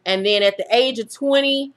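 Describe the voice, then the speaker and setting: A woman's voice: fairly high pitch, moderate pace. A woman in her thirties, a YouTube host, telling her viewers her own story in a frank, profane way and laughing through the hard parts. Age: 30s. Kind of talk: candid personal storytelling to viewers.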